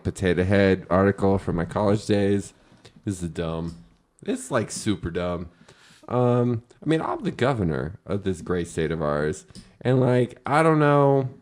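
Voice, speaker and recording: A slangy, dim-witted governor, as a man puts him on in a tabletop game, drawls his way through a speech stuffed with "like" and "um." The voice sits lower and looser than a plain speaking voice. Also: darkish tone. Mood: smug. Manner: drawling, full of "like" and "um".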